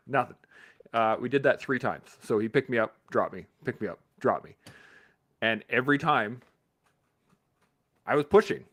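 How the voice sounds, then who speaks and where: Man, casual live stream talk, swears a lot, animated storytelling, laughs often, middle-pitched voice. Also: normal speed. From Canada.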